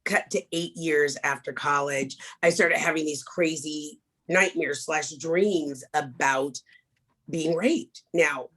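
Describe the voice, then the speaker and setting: A woman's voice: sits low, steady tone, slow pace, a bit bright, husky. A woman speaker leading a small group workshop, talking openly and animatedly and getting everyone to repeat affirmations. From Kansas. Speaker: motivational speaker. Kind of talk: interactive workshop talk.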